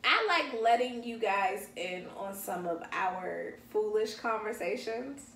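A woman's voice: medium pitch, lively intonation, slow, fairly bright tone. A woman co-hosting a podcast in casual chat, playful and teasing as she tells stories. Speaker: podcast co-host. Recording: roomy echo, distant mic, faint noise.

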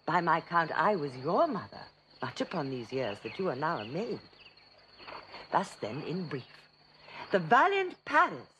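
An actress playing a stately, commanding noble mother in a classical drama, declaiming in measured verse. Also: mid-range voice, a bit bright, a little hiss or hum.

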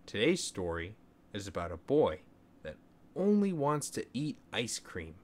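A man reading a children's story aloud as the show's storyteller, in a gentle and expressive way. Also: fairly low pitch, unhurried.

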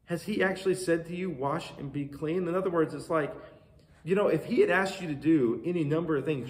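A man preaching a sermon, reading scripture and retelling it in a conversational, animated way with questions to the listeners. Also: a little high, a little fast, reverberant. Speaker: pastor.

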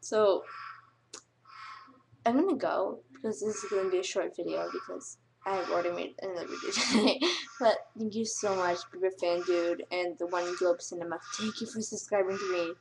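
A woman's voice: medium pitch, steady tone, fairly quick, creaky, noisy background. A teenage girl thanking her subscribers in a casual vlog, gushing, giggly and close to tears. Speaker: vlogger.

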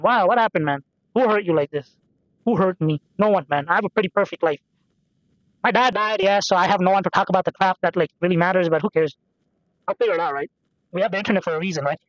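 A young man offers rambling, self-deprecating let's-play commentary, swearing casually and musing aloud over a game. His voice sits high, and the lo-fi recording has no echo.

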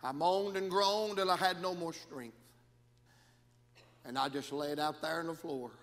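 A man preaching a sermon in a church, with dramatic, repetitive cadences that move between hushed and shouted lines. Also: fairly high pitch, steady tone, measured pace. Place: church sanctuary. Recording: long church reverb.

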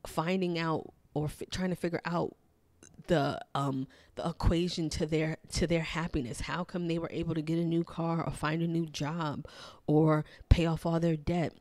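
A woman's voice: little pitch movement, moderate pace, a little mellow, no echo. A young adult woman hosting her own podcast, talking in an earnest, reflective way with frequent fillers and repeated phrases. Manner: acts out quoted voices in a higher pitch. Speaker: podcast host. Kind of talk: solo motivational podcast talk.

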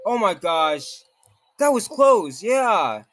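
Jumpy high-voiced male game streamer. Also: sing-song, slow pace, fairly bright tone. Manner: jumpy, exclaims often, reads game text aloud. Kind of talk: gameplay commentary.

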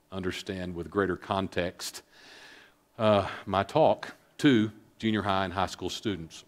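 A middle-aged man giving a filmed public talk, speaking earnestly and haltingly with many fillers, calm and reflective. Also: fairly low pitch. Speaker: speaker on suicide prevention.

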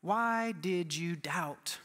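A man acting out a calm, commanding teacher. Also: high-pitched, a little slow, big-room sound, full character voice. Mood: rebuking. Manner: soothing, then gently rebuking.

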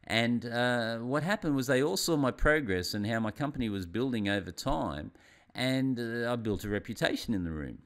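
A man, a business consultant giving a motivational presentation, telling his story with theatrical swings in pitch and volume and addressing the audience as ladies and gentlemen. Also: lively intonation, normal speed. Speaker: business consultant and seminar speaker.

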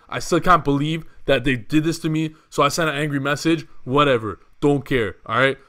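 Indignant high-voiced young man ranting. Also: a little fast, hardly any pauses, pushed and bright, no room sound. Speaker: YouTube gaming channel host. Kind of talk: ranting vlog to camera.

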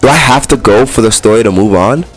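A man giving excitable let's play commentary on a horror game, talking back to the game and swinging between boasting and panic. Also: lowish voice, fast, soft background music. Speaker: gaming YouTuber.

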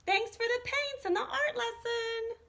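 A woman reading a storybook aloud and voicing a lively, determined young girl who loves to paint. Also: very high voice, a little slow, voice pushed up, heavily acted. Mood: cheerful.

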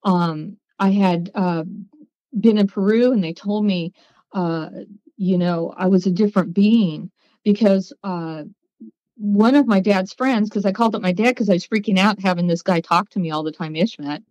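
A woman guest on a podcast, telling her story in a lively way and acting out the voices of people she quotes. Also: mid-range voice, normal speed, dry recording, muffled recording. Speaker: guest, psychic.

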